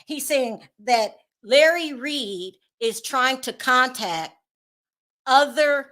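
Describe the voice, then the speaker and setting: A woman's voice: high-pitched, animated, slow pace, bright, forceful tone. A woman hosting her own channel, giving sassy, exasperated gossip commentary and often laughing in disbelief. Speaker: channel host.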